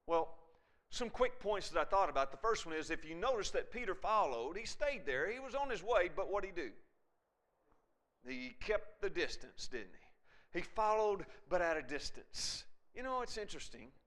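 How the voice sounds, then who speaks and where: A male preacher delivers a sermon in a high, bright voice that swings widely in pitch. He retells the story with animation and keeps turning to his listeners for agreement. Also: very animated, normal speed. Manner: conversational, often checks in with listeners.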